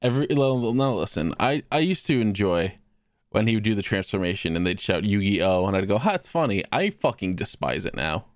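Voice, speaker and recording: A man's voice: on the low side, very animated, brisk, no echo, studio quality. Laughing joking male podcast co-host. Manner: joking, laughs often, slips into silly voices. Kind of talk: casual comedic chat.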